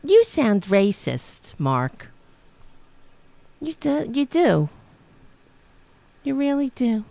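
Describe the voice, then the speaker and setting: A woman's voice: fairly high pitch, big pitch swings, very slow, vocal fry, pauses often, mellow, no room sound. Sarcastic, profane woman ranting. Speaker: political commentary host. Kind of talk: angry political rant.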